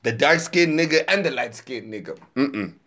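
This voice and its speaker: A young man in his twenties rants profanely into his podcast mic. He sounds exasperated and repeats lines for emphasis, speaking at a middling pitch. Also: expressive, normal speed, background noise. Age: 20s. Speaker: podcast host reacting to interview clips. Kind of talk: profane casual rant.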